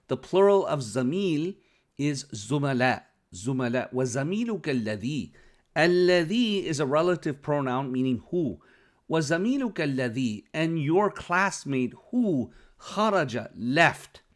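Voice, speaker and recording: A man teaching Arabic, reading phrases from a dialogue aloud, translating them and explaining the grammar, often checking in with "okay?". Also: a little high.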